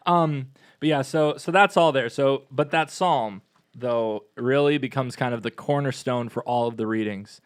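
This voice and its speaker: A man's voice: mid-range voice, smooth, no room sound. Upbeat male parish podcast co-host, casual chatter, dry close sound. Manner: chatty and upbeat, quick asides. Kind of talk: casual chat.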